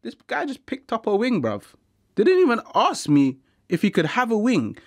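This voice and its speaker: Young guy telling a funny story, slangy and chatty, bit of a higher voice. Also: moderate pace. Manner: slangy, animated, conversational. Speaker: comedic storyteller. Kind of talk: comic monologue narration.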